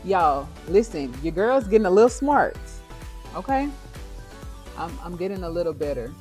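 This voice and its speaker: Speaking at a moderate pace in a fairly low, sing-song voice, a young dog breeder runs a chatty, encouraging livestream and often turns to her viewers. Soft music plays in the background.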